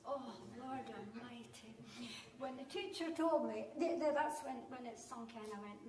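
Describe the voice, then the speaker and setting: A Scottish woman in her sixties telling a comic story to a live audience with lively, animated delivery. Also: fairly high pitch, measured pace. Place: conference hall. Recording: roomy hall sound, distant mic.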